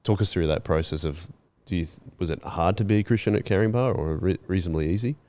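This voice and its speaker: Male host, very low voice, laid-back friendly interviewer. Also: quick pace, warm tone. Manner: easygoing, encouraging, laughs along. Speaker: podcast host. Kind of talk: casual interview.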